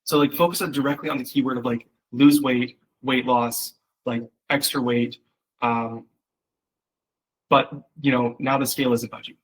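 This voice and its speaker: A copywriting coach gives a loose, chatty one-on-one critique of someone's copy, packed with fillers and acted-out voices for the examples he quotes. His medium-pitched voice is steady, slightly rough, and moves at a normal speed. The recording quality is low.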